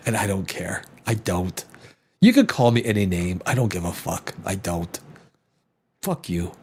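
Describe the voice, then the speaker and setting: A man's voice: on the high side, a little mellow. A man hosting a live stream in casual chat, rambling and profane, with many restarts. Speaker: live show host.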